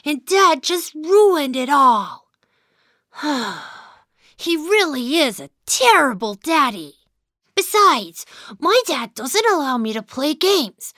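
A sulky little boy mouse tells his storybook tale in a high, bright, sing-song voice. He speaks slowly and clearly, close and dry, grumbling and sighing between giddy bursts. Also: very animated, no room sound, full character voice. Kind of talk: first-person storybook narration.

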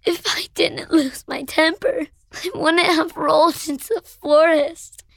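A woman's voice: sits high, steady tone, a little slow, vocal fry, no echo. A woman voicing Prince Gâté, a whiny boy prince. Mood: fretful. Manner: whiny, sulky. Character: bad-tempered young male prince, whiny.

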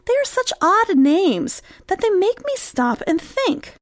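A woman voicing a small, trusting and curious mouse in a read-aloud storybook, with high exclaiming lines. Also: big pitch swings, slow pace, dry recording, clean studio sound, full character voice.

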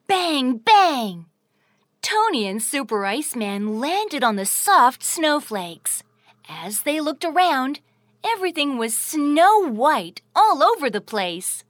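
A woman narrating a children's audio story in an expressive, sing-song, deliberate way. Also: high-pitched, dry recording, studio quality.

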